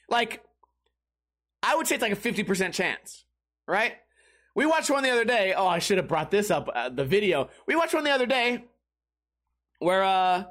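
High-voiced laughing podcast guy. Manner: animated, laughing, profane, jumps into sudden high exclamations. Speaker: podcast co-host. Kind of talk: casual comedic chat.

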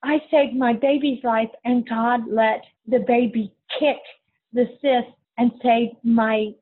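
A woman's voice: on the high side, fairly even intonation, slow. A middle-aged woman earnestly telling a personal story in a plain-spoken, spiritual way. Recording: husky voice on a phone-like line.

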